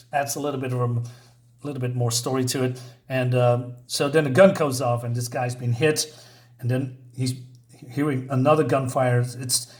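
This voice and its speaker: A man casually reviewing a comic book, rambling with many fillers and chuckling often. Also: mid-range voice.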